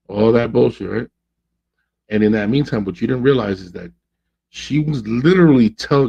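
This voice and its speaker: Podcast host, man, husky and dark-toned, preachy advice monologue, dull lo-fi sound. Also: on the low side, normal speed. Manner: preachy, acts out quoted voices.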